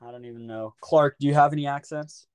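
A man's voice: medium pitch, fairly even intonation, quick pace, smooth. A man hosting a casual podcast, joking and egging on his friends. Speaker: podcast host. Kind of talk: casual chat.

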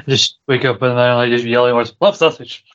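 A man co-hosts a podcast in loose, rambling chat, laughing often and swearing casually. His delivery stays flat and even in pitch. The sound is a touch dull and lo-fi. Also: smooth. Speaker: podcast co-host. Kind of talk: casual chat about a TV show.

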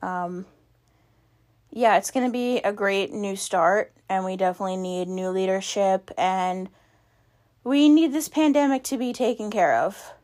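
A woman's voice: medium pitch, measured pace, darkish tone. Rambling young woman podcaster. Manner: rambling, filler-heavy, frequent "like" and "um". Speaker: podcast host. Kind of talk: casual solo podcast chat.

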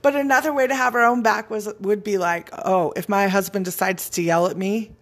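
A woman's voice: mid-range voice, moderate pace. Frank, laughing woman talking boundaries. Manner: frank, animated, swears freely, laughs often. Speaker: speaker on personal boundaries. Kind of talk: casual motivational talk.

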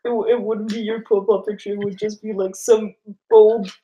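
A man's voice: high voice, level tone, a little fast, mellow, highs cut off, a little hiss or hum. A teenage guy from Denmark co-hosting a podcast, chatting loosely, giggling and swearing often. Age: teens. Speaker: podcast co-host. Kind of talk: casual chat.

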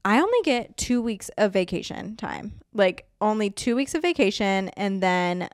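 A woman's voice: medium pitch, animated, normal speed, dry recording, clean studio sound. A young woman co-hosting a podcast, ranting in casual chat, saying "like" a lot and swearing casually. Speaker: podcast co-host.

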